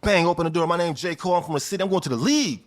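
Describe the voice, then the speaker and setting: A young man from Chicago telling his life story in an interview, animated and emphatic, acting out the people he quotes. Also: a little high, rapid-fire. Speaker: guest. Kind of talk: storytelling in conversation.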